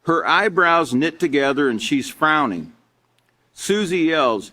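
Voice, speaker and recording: A man's voice: a little high, animated, a little slow, pushed and bright. A middle-aged man teaching a live online character education class, reading from slides and asking rhetorical questions. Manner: conversational, asks rhetorical questions, reads from slides.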